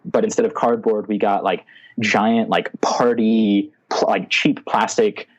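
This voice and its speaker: A man's voice: on the low side, steady tone, unhurried, dull audio. A young man telling a story in a rambling, casual way as a podcast guest, with lots of filler words.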